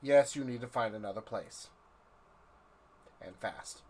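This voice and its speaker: A man's voice: on the low side, a little slow, darkish tone. A man voicing an angry female innkeeper who talks curtly and scolds. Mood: stern. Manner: curt and scolding.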